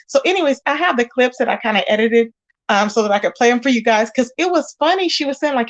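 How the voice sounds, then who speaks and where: A woman hosting a casual live stream, animated, greeting viewers with pet names. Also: fairly high pitch, fast talker. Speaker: host of a live commentary channel.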